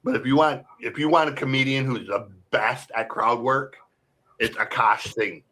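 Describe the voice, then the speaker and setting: A man in casual podcast chat, telling stories in a rambling, excited way, full of "like" and "bro" and swearing. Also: mid-range voice, normal speed.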